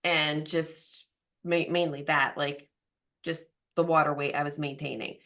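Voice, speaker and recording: A woman's voice: low-pitched, steady tone, a little slow, a bit bright. A woman in her forties hosting a podcast, talking openly and chattily with plenty of fillers. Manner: open, chatty, full of fillers. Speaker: podcast host. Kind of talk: casual chat.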